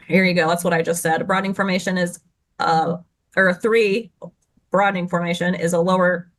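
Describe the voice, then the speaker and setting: A woman's voice: lowish voice, steady tone. A woman teaching chart patterns as a guest. She explains in a hurry and stops now and then to correct herself. She speaks over a video call. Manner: rushed, tumbling explanations with self-corrections. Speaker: guest trading educator.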